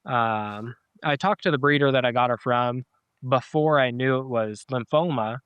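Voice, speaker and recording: Middle-aged man, podcast guest, rambling storyteller with lots of "uh"s and restarts; smooth voice, dry close sound. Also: mid-range voice, normal speed, fairly bright tone, dry recording, muffled recording. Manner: rambling, with many fillers and restarts. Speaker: podcast guest, dog owner. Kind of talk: casual storytelling interview.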